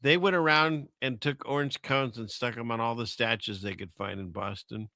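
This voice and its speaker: A man's voice: medium pitch, moderate pace, creaky, pushed and bright, no echo, studio quality. A man hosting a casual chat show, rambling through items and chuckling at his own jokes. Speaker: podcast host.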